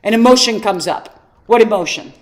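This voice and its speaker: A woman coaching an online workshop, teaching through animated stories and questions to her audience. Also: mid-range voice, normal speed. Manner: animated storytelling, rhetorical questions. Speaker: personal development coach.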